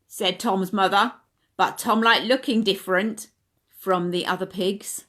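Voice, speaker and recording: A woman's voice: mid-range voice, measured pace, a bit bright. A woman leading a home playgroup, reading a picture book aloud to toddlers and asking them questions. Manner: asks children questions, sing-song. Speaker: playgroup leader.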